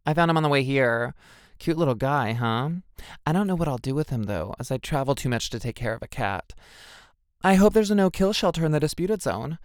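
A man voicing a cheery, double-dealing young woman who talks brightly and pleads when caught, in a storybook reading. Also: medium pitch, expressive, brisk, clear, resonant tone, no echo, studio quality, natural voice.

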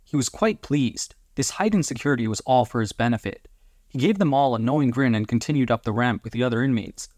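A man narrating a homemade audiobook in a deliberate, even way, with a voice of ordinary middle pitch. The recording is dry and close, with no room sound at all. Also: dry recording. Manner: deliberate, announces each chapter.

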